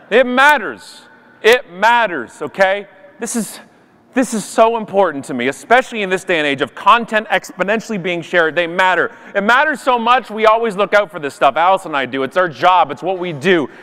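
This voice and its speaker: A man giving an animated, jokey conference keynote from a stage. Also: high voice, clear, resonant tone. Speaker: conference speaker. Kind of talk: keynote talk. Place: large conference hall. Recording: long hall reverb.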